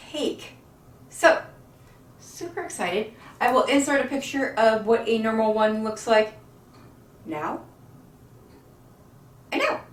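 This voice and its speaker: A woman's voice: mid-range voice, a little hiss or hum. A woman chatting casually to camera as a home baking vlogger, rambling and giggling often, folksy and self-deprecating with the odd mild curse, in a home kitchen.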